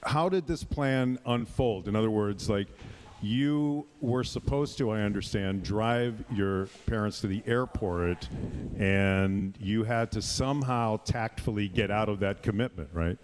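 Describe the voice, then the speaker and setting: Low-voiced male radio host. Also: slight background noise. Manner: friendly, questioning, slightly halting. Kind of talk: live radio interview. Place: resort hotel on location.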